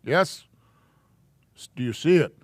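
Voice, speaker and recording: A man's voice: on the high side, lively intonation, takes it slowly, dry recording, studio quality. A man teaching the Hebrew alphabet to a live class in a church, patiently walking through letters and sounds step by step.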